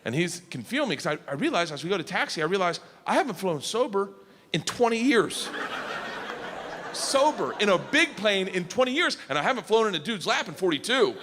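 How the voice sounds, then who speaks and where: A middle-aged man doing stand-up storytelling on stage, loud and animated, shouting his punchlines over the laughter. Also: high voice, brisk. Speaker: stand-up comedian. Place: live comedy stage before an audience. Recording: live stage recording with audience noise.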